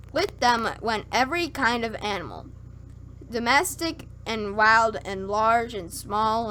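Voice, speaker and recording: A woman's voice: a little high, sharp tone, slight background noise. A woman streamer reading scripture aloud on a livestream, stumbling and correcting herself and breaking off for wry, skeptical asides. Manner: halting reading with slips and self-corrections.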